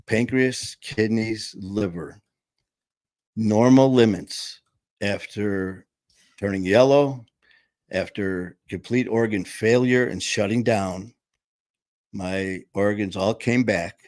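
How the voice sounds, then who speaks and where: A man telling his own story in a conversational, emphatic way, with some rough language. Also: lowish voice, darkish tone, no room sound, studio quality. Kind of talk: personal storytelling.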